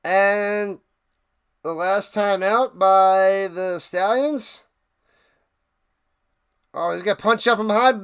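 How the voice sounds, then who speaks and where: Guy doing play-by-play on his stream, highish smooth voice, gets hyped and yells on big plays. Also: takes it slowly, pauses often. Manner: excitable, bursts into shouted calls. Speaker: live stream host. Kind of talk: casual play-by-play commentary.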